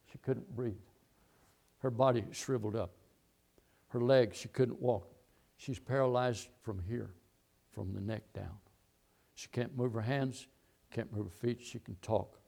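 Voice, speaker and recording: Gravelly preacher telling a story. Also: male voice, medium pitch, dark tone. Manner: storytelling preacher, repeats phrases, pauses mid-sentence. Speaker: pastor. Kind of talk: sermon.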